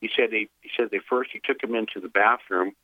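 A man's voice: lowish voice, fast talker, dry recording. A man telling a long, meandering story over the phone on a radio show, full of "uh"s and restarts. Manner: meandering, filler-heavy storytelling with animated retelling. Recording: tinny phone line.

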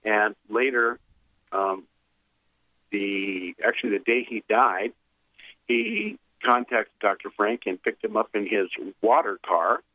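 Speaking slowly in a lowish voice, a man calls a radio program and winds through a long, digressive story, thick with "uh"s and restarts but animated in the retelling. The phone line sounds tinny, and there's no echo.

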